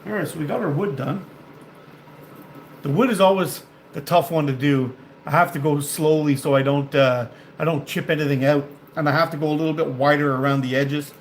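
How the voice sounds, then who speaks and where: A man's voice: a little high, fairly quick, echoey room, slight background noise. A man talking casually and bluntly while he crafts in his workshop, swearing now and then. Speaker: slingshot maker.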